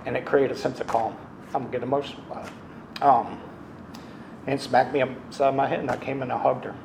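A young man tells his story at a recovery meeting, halting and earnest, filling the gaps with ums and uhs. His voice sits at an ordinary pitch. The room is echoey with a faint hum of noise behind him. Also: steady tone, gravelly. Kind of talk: personal testimony at a recovery meeting.

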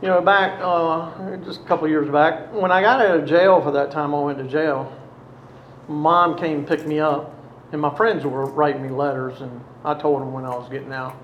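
A man tells his own past in a halting, reflective way, pausing often. His voice sits a little high. The recording is roomy and slightly muffled, with faint ambience behind him. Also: steady tone, a little hiss or hum. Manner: halting, reflective, many pauses. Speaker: storyteller recounting past addiction. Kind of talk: personal testimony.

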